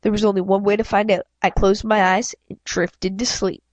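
A woman reads a children's novel aloud in first person, stumbling now and then and backing up to fix her words. Her voice sits at a middle pitch, recorded dry and close with a slightly dull, muffled sound. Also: little pitch movement, no room sound. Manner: halting, frequent self-corrections. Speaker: reader.

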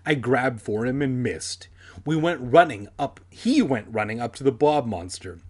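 Husky man reading a horror story aloud. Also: mid-range voice, normal speed. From San Diego area. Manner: animated, sardonic, crude asides. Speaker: reader of a children's horror book. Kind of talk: dramatic reading with comic asides.

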